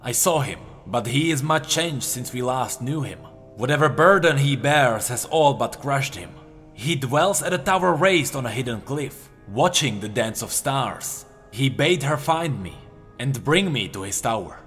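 A man's voice: medium pitch, animated, measured pace, a bit bright, faint music behind. A man doing a weary, solemn wounded warrior. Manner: solemn, grave.

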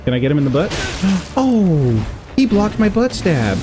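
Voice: medium pitch, big pitch swings, measured pace. A video game streamer giving playful let's play commentary, giggling, humming and chatting with enemies. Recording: game music playing behind.

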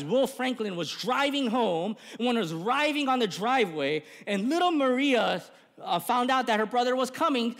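A man's voice: high-pitched, a bit bright. Male pastor, earnest sermon, impassioned appeals, long echo of a church hall. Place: church sanctuary.

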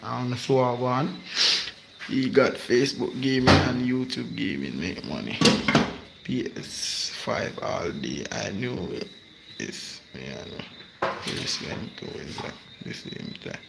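A man's voice: mid-range voice, a little slow, vocal fry. A man with a Jamaican accent chatting casually in laid-back patois as a livestream host. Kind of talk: casual chat. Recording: noisy background.

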